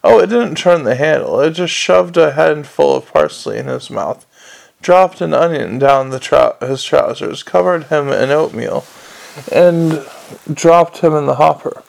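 A man narrates a comic novel in a wry, measured way. His voice sits a little high for a man and has a gravelly edge. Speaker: audiobook narrator. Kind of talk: scripted narration.

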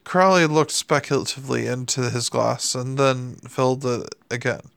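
Gravelly male audiobook narrator. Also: mid-range voice, normal speed, a bit bright, no room sound, clean studio sound.

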